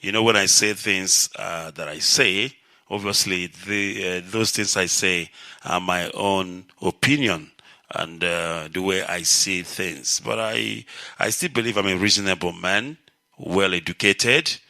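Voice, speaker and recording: A middle-aged man from Nigeria hosting a call-in radio show, speaking in a measured, lecturing way and explaining through analogies. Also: sits low, vocal fry, pushed and bright, no room sound. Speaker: radio host.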